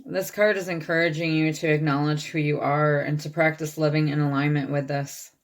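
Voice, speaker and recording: A woman with a low voice gives a channeled tarot reading. She reads card texts aloud at an even pace and checks in with her listeners now and then. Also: fairly quick. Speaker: tarot reader.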